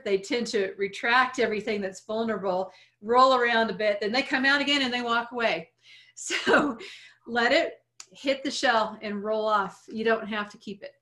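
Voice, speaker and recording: A woman coach giving advice on a podcast, calm and explanatory, building her points around simple analogies. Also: a little high. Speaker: coach answering listener questions.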